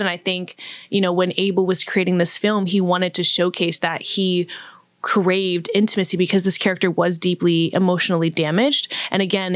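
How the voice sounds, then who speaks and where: A woman's voice: fairly low pitch, dry recording. A young woman recapping a film in a casual vlog, chatty and frank, with lots of fillers. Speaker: YouTuber reviewing a film. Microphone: camera mic.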